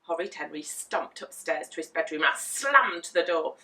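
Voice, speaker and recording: A woman reading a children's book aloud in an expressive storytelling manner. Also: sits low, moderate pace, hardly any pauses. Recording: echoey room, mic at a distance.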